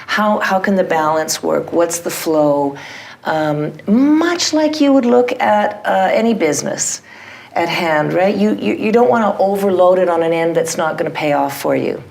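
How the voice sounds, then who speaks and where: Low-voiced, animated woman theatre director. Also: moderate pace, creaky. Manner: animated, self-deprecating, frequent restarts. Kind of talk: conversational interview answers.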